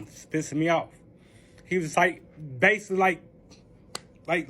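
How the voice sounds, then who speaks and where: A young man with a high-pitched voice tells a personal story in a casual, rambling way. He swears constantly and leans on "like" as a filler. He drops to hushed recounting and then flares into heated outbursts. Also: brisk. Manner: rambling, profane, full of "like" fillers.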